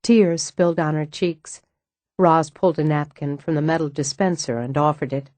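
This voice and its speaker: A woman narrating a novel as an audiobook reader, in a calm, measured way. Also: low-pitched, no room sound. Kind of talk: scripted narration.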